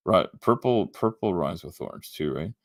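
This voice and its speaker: Low-voiced Canadian man rambling on stream. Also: expressive, vocal fry, no room sound, studio quality. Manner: rambling, halting, many restarts and ums. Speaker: livestream host. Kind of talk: casual livestream chat reading comments.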